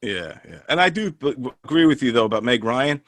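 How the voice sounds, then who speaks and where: A man chats casually about a film as a podcast co-host. His voice moves a lot in pitch, and it sounds dry and close to the mic. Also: very animated, fairly bright tone, dry recording. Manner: agreeable, halting, with restarts. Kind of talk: casual movie chat.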